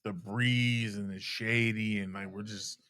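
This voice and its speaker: A man's voice: lowish voice, steady tone, a little slow, bright, forceful tone, no echo, clean studio sound. A man in his forties telling stories in an easygoing, casual way as a podcast co-host, calling his friend bro. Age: 40s. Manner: easygoing storyteller, calls friend bro and dog. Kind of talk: casual chat.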